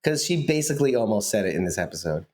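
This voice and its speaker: A man's voice: on the low side, very animated, fast, darkish tone. A man co-hosting a podcast in casual chat, talking in a teasing, playful way. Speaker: podcast co-host.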